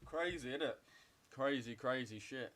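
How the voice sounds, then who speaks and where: A young man in his twenties speaks with an average-pitched voice. He rambles in loose, swear-heavy banter as he trades live and answers his viewers' chat. The delivery is offhand and conversational. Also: measured pace, a bit bright. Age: 20s. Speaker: trading streamer. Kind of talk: casual livestream chat while trading.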